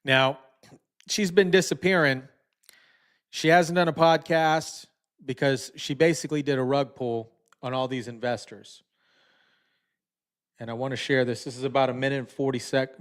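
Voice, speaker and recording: A man hosting a commentary channel, talking bluntly and indignantly, often repeating himself. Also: mid-range voice. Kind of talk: casual online commentary.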